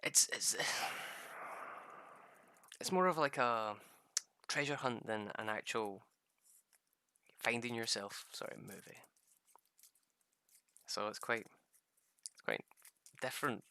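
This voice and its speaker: A young man chats loosely over his game, wandering from thought to thought and cursing without a second thought. His voice is bright and pushed forward. The close mic leaves it dry, with no room sound around it. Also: medium pitch, slow pace, long pauses, smooth, dry recording. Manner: rambling, swears freely, laughs at own stories. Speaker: gaming streamer. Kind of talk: casual gameplay chat.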